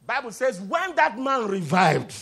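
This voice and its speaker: High-voiced emphatic male preacher. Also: sing-song, a little slow, vocal fry, slightly rough. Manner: emphatic and repetitive, bursting into loud exclamations; coaxing the congregation to answer back. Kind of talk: sermon with call-and-response.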